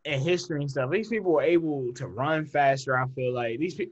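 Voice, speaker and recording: A young man co-hosting a podcast, telling stories in an animated way and laughing often. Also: a little high, fairly quick, husky, highs cut off. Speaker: podcast co-host. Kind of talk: casual chat.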